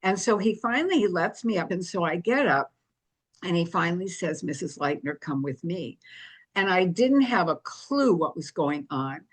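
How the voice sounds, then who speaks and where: Older lady w a lowish voice, chatty storyteller in an interview. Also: normal speed. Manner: lively anecdotal storytelling, vivid retelling. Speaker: guest.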